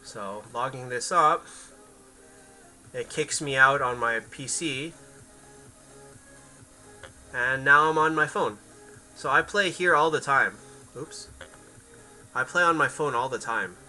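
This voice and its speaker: A man streaming games who talks in a loose, rambling way, answering chat as he plays. His voice is very bright and sharp-edged. Faint music plays under him. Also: medium pitch, slow, pauses often, low-quality recording. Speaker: game streamer. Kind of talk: casual livestream chat.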